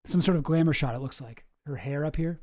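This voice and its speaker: Male host with a high voice, casual and musing, reading through papers and thinking out loud. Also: brisk. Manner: musing, hesitant, thinking aloud. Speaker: online show host. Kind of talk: casual commentary while reading documents.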